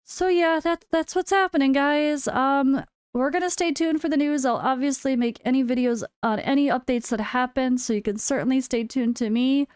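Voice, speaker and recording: An American woman with a fairly high, smooth, clear voice chats candidly to camera in a casual vlog. She speaks frankly and drops wry, sarcastic asides. The sound is dry and close, with no room echo. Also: moderate pace, darkish tone. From United States. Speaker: full-time gaming content creator. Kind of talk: casual chat.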